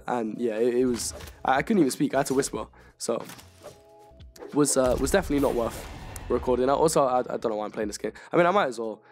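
A young man with a hoarse voice from illness, rambling and restarting his sentences as he casually talks over his gameplay. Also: medium pitch, darkish tone, faint music behind. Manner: rambling, halting, many restarts. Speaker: gaming YouTuber.

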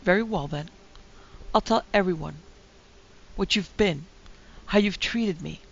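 A woman voicing a quick-tempered, proud young wife in a storybook reading, her voice heated and trembling. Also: lowish voice, vocal fry, slightly rough. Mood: angry. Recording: dull lo-fi recording with faint hiss.

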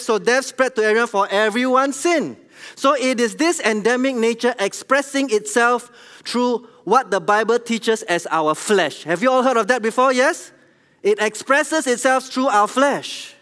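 A middle-aged man with a Singaporean English accent, preaching a church sermon in an animated, conversational way and asking the congregation questions. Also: extremely high pitch, clean tone. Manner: animated, conversational, tells jokes at his own expense, asks the congregation questions. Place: large church hall. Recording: long hall reverb.

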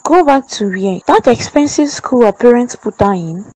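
A woman's voice: fairly high pitch, lively intonation, moderate pace, in a large hall, very noisy, natural voice. A woman voicing a stubborn mother who speaks bluntly and scornfully in a cartoon drama. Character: stubborn mother, tight with money.

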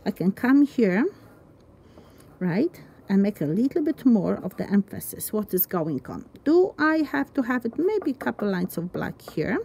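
Lively woman teaching an art demo. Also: medium pitch, moderate pace, vocal fry, breathy edge. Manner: chatty, encouraging, thinks aloud while drawing. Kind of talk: step-by-step art demonstration.

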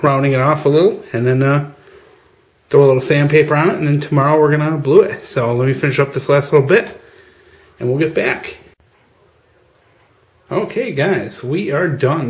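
A man hosting a casual how-to demonstration, chatty and informal, often calling viewers "guys" and using plenty of fillers, recorded outdoors. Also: mid-range voice. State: out of breath at times. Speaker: channel host. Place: outdoors at a workbench. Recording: echoey with faint ambient noise.

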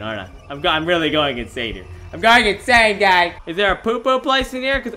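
Lively, bright-voiced teenage boy gamer. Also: sits high, a little fast, few pauses. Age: late teens. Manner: excitable, giggly, yelps and shouts when startled. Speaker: gaming video host. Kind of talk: comedic horror game commentary.

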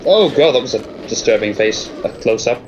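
A man's voice: mid-range voice, animated, brisk. A man co-hosting a let's play, chatting casually and adding dry, wry asides. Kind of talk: casual gaming commentary. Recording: dull lo-fi mic, faint music.

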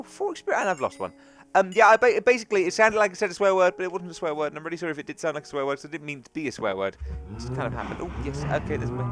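Excitable man narrating his gameplay. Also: medium pitch. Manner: excitable, chatty, thinks aloud and talks to viewers. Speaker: let's play gaming host. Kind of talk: gameplay commentary.

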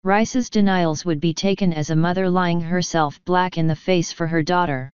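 Very clear woman audiobook narrator. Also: on the low side, fairly even intonation, moderate pace, a little mellow, no echo, highs cut off. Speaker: audiobook reader.

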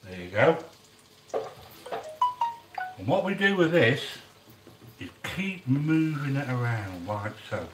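A chatty middle-aged man hosts a cooking live stream with a bright, lively, swooping voice. He keeps talking to his viewers as he works at the cooker. He is heard from a little way off in an echoey kitchen, with a quiet sizzle of frying behind him. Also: mid-range voice, slow pace, long pauses, distant mic, background noise. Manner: chatty, talks straight to viewers, gives shout-outs. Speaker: cooking channel host. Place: home kitchen. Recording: echoey kitchen, speaker off-mic. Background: frying and sizzling in the pan.

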